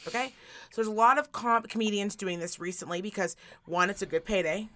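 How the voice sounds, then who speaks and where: A woman hosting a podcast, telling stories in a casual, animated way, repeating words for emphasis and swearing freely. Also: medium pitch, brisk. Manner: animated storytelling, emphatic repetition, profane. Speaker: podcast host. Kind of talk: casual chat.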